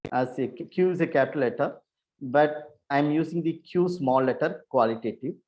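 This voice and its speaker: A man giving a university lecture on research methods over a video call. He explains in a halting, repetitive way and often corrects himself. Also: fairly high pitch, darkish tone.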